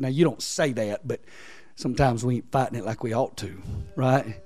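A man preaching a sermon in a chatty way, swinging from loud scripture reading to soft, low asides. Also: animated, brisk, breathy edge, no room sound. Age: adult, father of three. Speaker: pastor.

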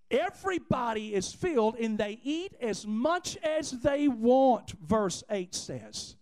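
A man preaching a sermon with lively delivery, acting out the people in the story and calling on the congregation to answer back. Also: extremely high pitch, rough recording. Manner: animated preaching, acts out voices, calls on the congregation. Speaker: pastor.

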